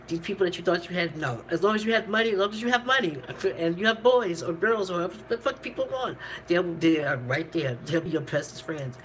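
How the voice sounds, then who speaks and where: A woman's voice: fairly low pitch, slight background noise, low-quality recording. A woman vlogger telling a candid personal story, rambling and profane, laughing between lines.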